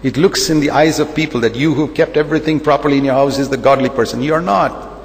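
Emphatic preacher, echoey hall. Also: male voice, mid-range voice, quick pace. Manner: emphatic, repetitive preaching with rhetorical questions. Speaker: pastor. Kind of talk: sermon.

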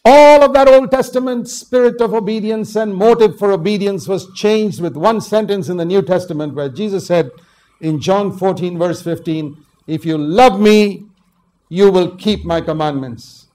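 An older man from India preaching a sermon, swinging from low asides to loud, emphatic exhortation. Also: normal speed.

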